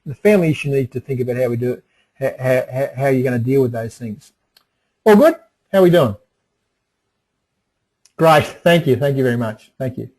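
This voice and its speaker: A man's voice: medium pitch, fairly quick, pauses often, darkish tone, rough recording. A middle-aged man presenting a webinar in a folksy way, repeating phrases and restarting often. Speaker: webinar presenter on emotional resilience.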